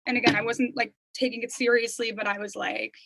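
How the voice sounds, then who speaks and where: A woman's voice: on the high side, little pitch movement, brisk, gravelly, a bit bright, dry recording, rough recording. A young woman telling her story as an interview guest, chatty and full of "like" and "you know.". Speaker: interview guest, singer-songwriter. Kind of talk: casual interview chat.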